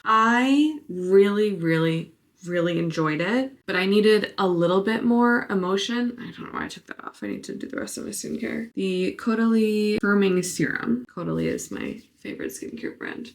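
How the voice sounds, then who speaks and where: A woman's voice: mid-range voice, vocal fry. Chatty vlogging woman in her thirties. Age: 30s. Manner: chatty, candid, often laughing at herself. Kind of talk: casual vlog voice-over and talk to camera.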